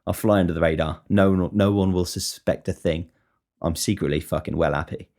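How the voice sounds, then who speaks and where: Deep-voiced, swearing man. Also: steady tone, brisk, a little mellow. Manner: rambling, swears constantly, wry. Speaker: podcast host. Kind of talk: casual podcast monologue.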